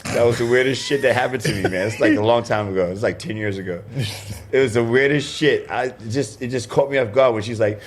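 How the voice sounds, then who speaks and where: Brief: male podcast co-host, animated storyteller, mid pitch, acts out quotes. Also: a little fast, slight background noise. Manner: animated storytelling, lots of laughter and acted-out quotes. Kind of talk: casual chat.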